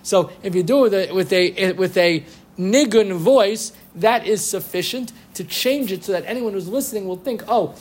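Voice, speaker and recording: A man giving a lively lecture on Jewish law, quoting rabbinic sources and chanting Hebrew phrases. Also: sits high, fairly quick, few pauses, husky. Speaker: Torah teacher. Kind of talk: halachic lecture.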